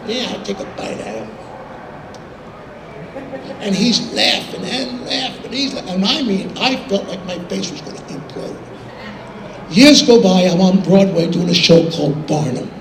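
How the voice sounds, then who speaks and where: An older man telling animated anecdotes in an interview, acting out quotes and laughing as he goes. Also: sits high, normal speed. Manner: animated, laughing storyteller who acts out quotes. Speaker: interview guest. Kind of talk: anecdotal storytelling. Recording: roomy with background noise.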